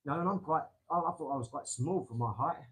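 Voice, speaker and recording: A man hosting a casual live stream from his garage, rambling excitably and talking straight to his viewers. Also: a little high, brisk, low-quality recording. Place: home garage.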